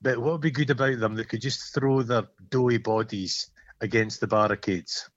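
A man's voice: mid-range voice, fairly even intonation, moderate pace, dry recording. A Scottish man, a podcast co-host joking wryly and swearing in casual chat. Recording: slightly muffled dry sound.

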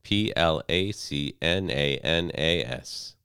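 A man in his thirties co-hosting a casual podcast, joking and slipping into loud mocking impressions. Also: extremely low pitch, expressive, slow pace, clean tone, dry recording, studio quality. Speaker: podcast co-host. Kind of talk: casual banter.

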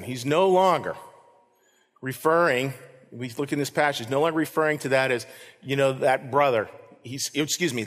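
A man's voice: medium pitch, fairly bright tone. A man preaching a sermon as pastor, earnest, repeating key lines for emphasis. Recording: reverberant hall.

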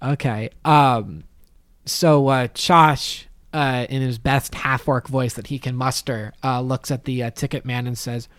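A man playing a tabletop game, explaining his character with halting, filler-filled talk. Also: mid-range voice, steady tone, a bit bright, no room sound. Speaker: player.

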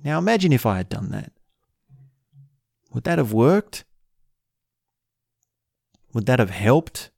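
A man giving a calm, thoughtful talk, musing aloud and asking rhetorical questions. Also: mid-range voice, takes it slowly, creaky, pauses often, no echo, clean studio sound. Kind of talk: reflective spoken talk.

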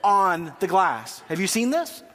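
A man's voice: high-pitched, big pitch swings, a little slow, fairly bright tone. A Canadian man preaching a sermon in a chatty, joking way, asking the congregation questions. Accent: Canadian English. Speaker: pastor. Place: church hall. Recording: long hall reverb.

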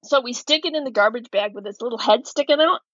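A woman co-hosting a podcast, telling a story in a relaxed chat and acting out her own calls as she goes. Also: on the high side, fast talker, no echo, dull audio. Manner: animated storyteller, acts out her own yelling. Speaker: podcast co-host.

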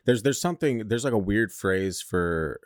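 A man hosting a podcast in a studio, relaxed and jokey, chatting with a guest. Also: fairly low pitch, moderate pace, dry recording. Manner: relaxed, frequent "yeah" backchannels, jokey. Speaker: podcast host. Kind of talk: casual chat.

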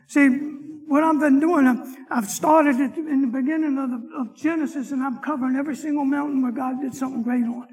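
A man, a deacon, teaching a Sunday Bible class in church, with an animated, folksy delivery and dramatic scripture reading. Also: very high voice, fairly quick, big-room sound.

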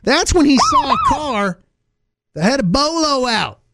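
Brief: high-pitched man, lively radio co-host, playful storytelling. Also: unhurried, dry recording, clean studio sound. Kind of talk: radio morning show chat and storytelling. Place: radio studio. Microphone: studio microphone.

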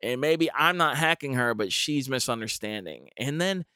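A man's voice: medium pitch, lively intonation, normal speed, bright, forceful tone, clean tone, dry recording, clean studio sound. A young man telling a comic story with wry, rambling asides. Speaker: comedian. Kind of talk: storytelling comedy monologue.

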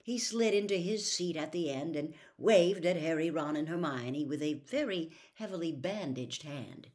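A woman narrating a children's novel aloud in a slow, expressive read-aloud style. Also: low voice. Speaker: storyteller. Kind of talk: audiobook narration.

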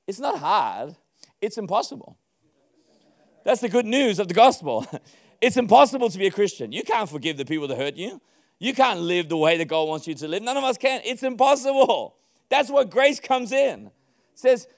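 Animated high-voiced male pastor. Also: a little fast. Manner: animated, laughing, acting out dialogue. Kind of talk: sermon to church leaders.

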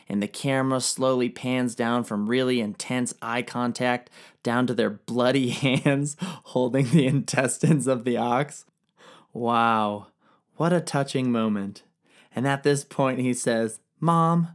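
A young man retelling ancient history as a comedy, slangy and profane. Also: mid-range voice. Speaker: narrator.

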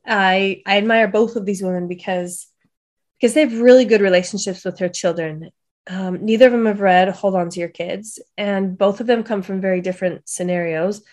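A woman's voice: mid-range voice, steady tone, moderate pace, a little mellow. A woman co-hosting a podcast discussion, thoughtfully sharing stories from her own parenting. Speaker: podcast co-host. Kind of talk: casual panel discussion.

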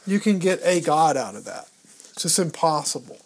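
A man's voice: a little high, sing-song, moderate pace. A man co-hosting a podcast, explaining a Bible passage step by step. He reads verses and Greek words aloud and thinks aloud as he looks through his books. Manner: reads scripture and Greek words aloud, stumbling over pronunciation. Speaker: podcast co-host. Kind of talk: casual teaching talk on scripture.

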